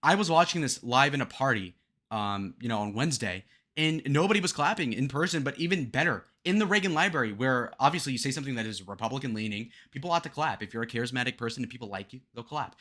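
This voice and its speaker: A man's voice: mid-range voice, expressive, fast talker, bright, forceful tone. A young man hosting a reaction commentary on political debate clips, profane and mocking as he rants.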